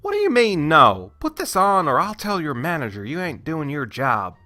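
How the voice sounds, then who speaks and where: A man's voice: on the high side, wildly swooping pitch, moderate pace, pitched above the performer's own voice, full character voice. Pushy rude shopper woman, fake Southern accent, as a man puts her on. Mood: demanding. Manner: loud, demanding. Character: rude pushy middle-aged female shopper. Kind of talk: narration with voices.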